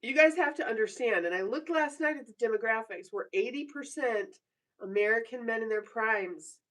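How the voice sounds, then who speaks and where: A woman's voice: on the high side, normal speed, a bit bright, recorded from a distance. A woman in her forties chatting casually on a live stream from her bedroom, teasing viewers and laughing often as she reads their comments. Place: home bedroom.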